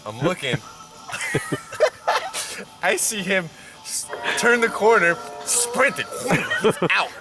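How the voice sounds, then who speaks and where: A man telling a profane story at a campfire, animated and laughing as he goes. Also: sits high, slow pace, long pauses, over music. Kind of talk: casual anecdote by a campfire. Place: outdoor campfire at night.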